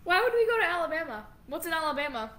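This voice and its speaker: A woman's voice: very high voice, sing-song, bright, forceful tone, reverberant. A woman co-hosting a podcast, chatting casually with a giggly, teasing manner. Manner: giggly, teasing and quick to react. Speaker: podcast co-host. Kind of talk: casual chat.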